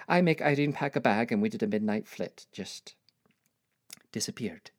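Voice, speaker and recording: A woman's voice: extremely low pitch, no echo, clean studio sound. An older woman telling her life story as a reflective dramatic monologue with wry asides. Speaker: narrator.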